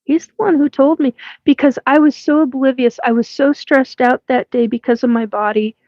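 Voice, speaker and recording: A woman in her fifties from Washington State, USA, with a West Coast accent, hosts a casual livestream chat, rambling with lots of fillers and frequent laughs. Her high voice has a steady tone and a little mellowness at a moderate pace. The audio is dull with no room sound.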